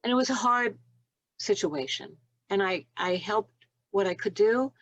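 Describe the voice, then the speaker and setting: A woman in her sixties, a nurse and doula, tells stories in a podcast interview, acting out the dialogue and laughing often. Her mid-range voice moves at a measured pace, and the recording is muffled with no echo.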